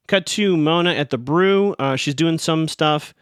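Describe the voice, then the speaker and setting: A man's voice: on the high side, a little slow, smooth, dry recording, studio quality. A man hosting a podcast, recapping a TV episode in a rambling, sarcastic, amused way. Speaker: podcast host.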